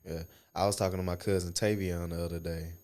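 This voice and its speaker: A young man co-hosting a podcast in casual chat, telling profane, animated stories from his own life. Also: low-pitched, fast talker. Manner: animated, profane storytelling with acted quotes. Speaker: podcast co-host.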